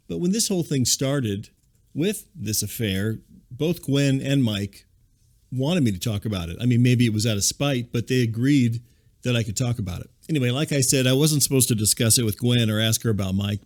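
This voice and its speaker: A man in his thirties hosting a podcast, delivering a rambling, deadpan comedic monologue. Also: medium pitch. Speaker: podcast host.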